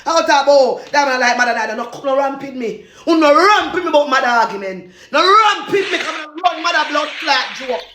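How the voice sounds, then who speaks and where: A Jamaican woman in a loud, repetitive, cursing rant, laughing between insults. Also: high voice, quick pace, hardly any pauses, roomy sound.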